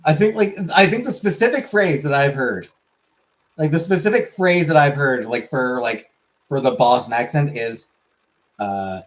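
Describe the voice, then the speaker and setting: A man's voice: animated, low-quality recording. Man chatting and reading comments aloud. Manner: reads comments in a quick low murmur, then answers louder. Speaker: show host. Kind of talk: casual live chat, reading out viewer comments.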